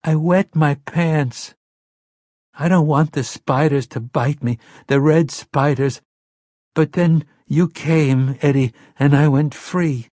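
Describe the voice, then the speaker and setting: Pitched above his own voice, a man performs, slowly and warmly and a little high, a hypnotized adult who talks like a frightened seven-year-old, raised and small. It's an audiobook character voice that goes from dazed to small, trembling and childlike, recorded at studio quality with no echo.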